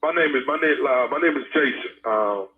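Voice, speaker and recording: A man's voice: mid-range voice, brisk. A man making a prank phone call, talking in a hesitant, stammering, coaxing way. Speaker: radio prank caller. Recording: tinny phone-line sound.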